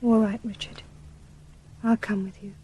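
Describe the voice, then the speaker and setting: A woman's voice: medium pitch, little pitch movement, measured pace, warm tone, a little hiss or hum, close to an everyday voice, poor audio. An actress playing a loving, loyal young woman who stands up to betrayal, in a 1970s radio drama. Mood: tender. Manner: tender, then firm and defiant.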